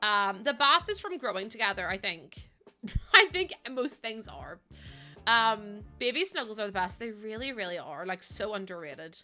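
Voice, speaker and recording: A woman's voice: mid-range voice, lively intonation, moderate pace, pushed and bright, soft background music. A young woman chatting casually on a game livestream, rambling and answering her chat. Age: young adult.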